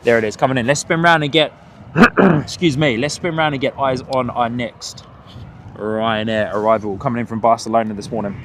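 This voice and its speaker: A man hosting a live plane-spotting stream outdoors at an airport, chatting with viewers in a rambling way, with many fillers and restarts, and excited by good landings. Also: medium pitch, moderate pace. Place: outdoors at an airport viewing spot. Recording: outdoor traffic noise. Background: outdoor traffic and ambience.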